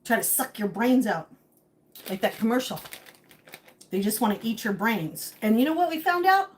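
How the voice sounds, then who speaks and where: A woman with a high, bright-pitched voice chats through a live stream from her home kitchen. She jokes and answers viewer comments out loud as she cooks. A faint hiss of background noise sits under her voice. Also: animated, normal speed. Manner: chatty and joking, answering viewer comments aloud. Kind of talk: casual live-stream chat while cooking.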